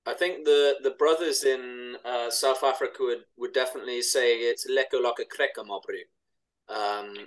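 A man, co-hosting a podcast and asking easygoing, halting questions. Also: medium pitch, fairly even intonation, rough recording. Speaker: podcast co-host. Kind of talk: casual chat.

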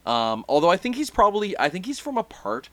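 A man's voice: high voice, huge pitch swings, a little fast, a bit bright, no room sound. A man co-hosting a casual wrestling podcast, rambling with fillers and restarts. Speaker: podcast co-host. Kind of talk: casual chat.

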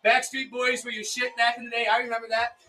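A young man hosting a podcast in casual chat, boisterous and profane, shouting out bits of his stories. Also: very high voice, level tone, fast, far from the mic, heavy background noise. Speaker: podcast host.

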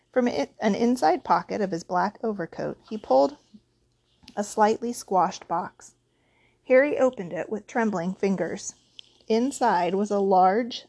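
A woman narrates a storybook aloud, steady and expressive, at a mid-range pitch for her voice. The recording is dry and close, with no room sound. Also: a little slow, gravelly, no echo. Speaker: audiobook reader.

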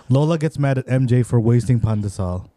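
A man's voice: mid-range voice, lively intonation, moderate pace, warm tone, no room sound. A man co-hosting a podcast, rambling casually with many fillers and restarts. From Philippines. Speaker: podcast co-host. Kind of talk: casual chat.

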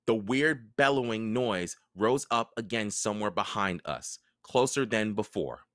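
Man, audiobook host, expressive storytelling, dry close sound. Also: on the low side, unhurried, hardly any pauses, dry recording. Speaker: podcast host and audiobook reader. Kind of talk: reading a novel aloud.

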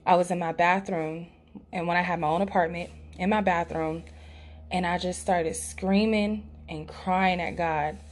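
A young woman on her podcast speaks candidly and emotionally, her voice sitting a little low for a woman. She talks with frequent fillers and self-corrections, telling a personal story from a room outside her usual setup. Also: steady tone, a little slow. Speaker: podcast host. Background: outside noise through an open window.

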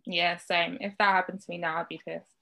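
A frank woman talks in a casual podcast chat. Her voice has a gravelly, creaky edge, and she swears without holding back. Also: lowish voice, flat delivery, fairly quick, bright, forceful tone.

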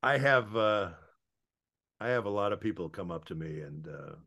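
Low gravelly man telling stories. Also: animated, normal speed, fairly bright tone. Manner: rambling, with many uh fillers. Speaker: voice actor guest. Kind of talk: casual interview chat, telling anecdotes.

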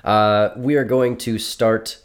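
A man's voice: on the low side, fairly even intonation, takes it slowly. A young adult man hosting a casual movie podcast, easily amused and laughing often. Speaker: podcast co-host. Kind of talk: casual movie-ranking chat.

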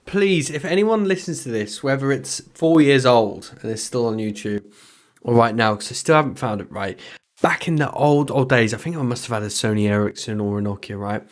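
A man co-hosting a casual podcast, speaking. He rambles from story to story, swears freely and breaks into quick bursts of talk, his voice sitting at an ordinary middle pitch. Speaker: podcast co-host.

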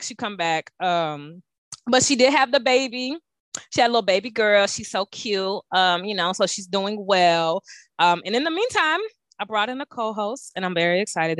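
A woman in her thirties hosting a podcast, chatting casually with lively, profane banter. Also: medium pitch, moderate pace, no room sound. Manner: animated, profane, laughing banter. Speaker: podcast host. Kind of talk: casual chat.

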